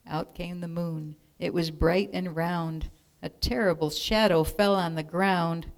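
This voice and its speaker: Slow, low-voiced woman reading a picture book. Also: level tone. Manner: measured, rhythmic rhyming delivery. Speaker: storybook reader.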